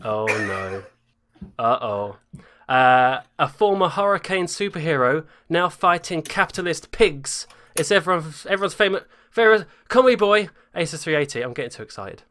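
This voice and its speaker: A man's voice: fairly high pitch, lively intonation, normal speed, pushed and bright. A man hosting a casual group podcast over a voice call, chatty and self-mocking. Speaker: podcast host.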